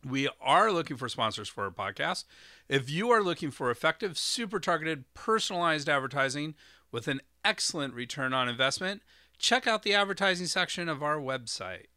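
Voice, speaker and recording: Male podcast host, bright and dry-sounding, explanatory and a bit rambling. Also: a little high, big pitch swings, moderate pace, no echo. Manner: explanatory, with fillers and spelled-out terms. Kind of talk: solo educational podcast.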